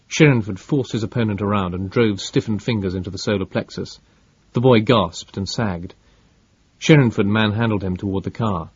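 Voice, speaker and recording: A male audiobook narrator with a husky, fairly low voice, reading in a measured and dramatic way. The sound is dry, with no room around it, and slightly dull at the top. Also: dry recording.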